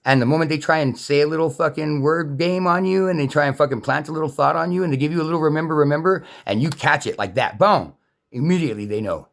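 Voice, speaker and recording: A man's voice: fairly high pitch, fast. A man in an angry, unscripted rant, talking in a heated, profane and repetitive way.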